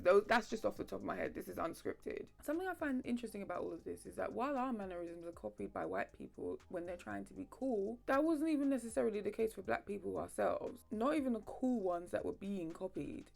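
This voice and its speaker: Creaky-voiced woman narrating. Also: mid-range voice, a little fast, hardly any pauses, soft background music. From London, England. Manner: animated, playful asides. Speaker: video essay host. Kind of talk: video essay narration.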